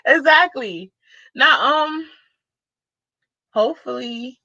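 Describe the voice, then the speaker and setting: A woman chats casually on a live stream, reading comments and giving shout-outs to her viewers. Her voice sits a bit high and rings bright, breaking into excited exclamations now and then. The audio is dull, dry and lo-fi. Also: no echo. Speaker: livestream host.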